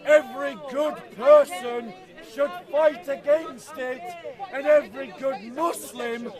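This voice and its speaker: A man's voice: very high voice, fairly even intonation, takes it slowly. A man giving a street-corner debate speech outdoors, declaiming to a crowd and repeating himself over hecklers. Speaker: street preacher. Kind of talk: open-air debate speech. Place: outdoors in a city park, crowd around. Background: crowd chatter.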